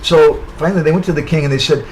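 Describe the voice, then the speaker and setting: A man's voice: fairly high pitch, steady tone, fast, a little mellow, slight background noise, rough recording. A man speaking at an online webinar, telling a parable in a storytelling sermon and often tagging lines with "huh?" or "right?". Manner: narrates a parable with tag questions. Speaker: spiritual speaker. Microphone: online webinar call.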